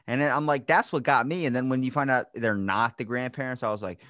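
Profane, animated man on a dry mic. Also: mid-range voice, fast talker, dry recording. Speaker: podcast host. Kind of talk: casual podcast chat.

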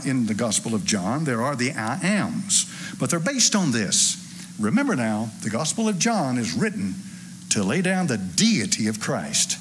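A man, preaching a sermon to a church congregation in a folksy, animated way with asides to the crowd. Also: medium pitch, a little hiss or hum. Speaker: pastor. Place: church sanctuary.

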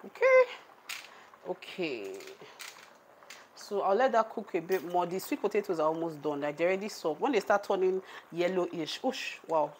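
Here a Nigerian woman with a fairly low, animated voice talks at a moderate pace as she cooks live, reading the chat and laughing often with her viewers. It's relaxed livestream banter picked up by a camera on a tripod, with a little hiss or hum.

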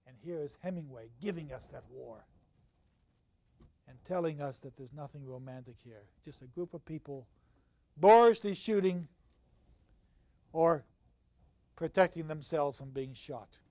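Recorded dry, an older man lecturing on literature at a university swings between loud emphasis and soft, quiet asides. When he reads passages aloud, his rhythm turns slow and pronounced.

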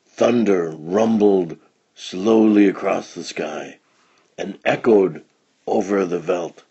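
Male storyteller, children's read-along, warm dark tone, animated delivery. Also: sits low, slow pace, gravelly, breathy edge, lo-fi sound. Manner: expressive, lively storytelling.

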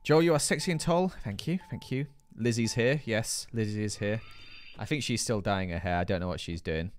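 Brief: British male streamer, playful chatty banter, reads comments, a bit low-pitched. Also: a little fast. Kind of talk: live gaming stream, reading chat aloud.

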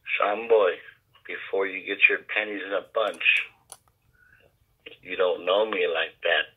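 A man in a push-to-talk voice chat, talking slowly in a taunting, crude way. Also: low voice, steady tone, slightly rough. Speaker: channel member. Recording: tinny phone-like voice app audio.

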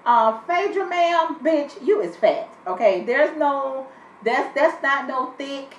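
High-voiced woman roasting a reality show, cussing nonstop, sassy and blunt, mic far off and muffled. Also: lively intonation, takes it slowly, slight background noise. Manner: blunt, sassy, swears constantly, laughs often. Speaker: reality TV recap vlogger. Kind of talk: casual profane episode review. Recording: echoey room, distant mic, muffled sound.

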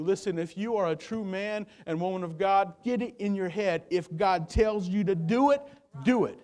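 A pastor delivers a sermon in a church sanctuary at normal speed, alternating between forceful, loud high points and soft, subdued stretches. He often repeats words as he gathers his thoughts.

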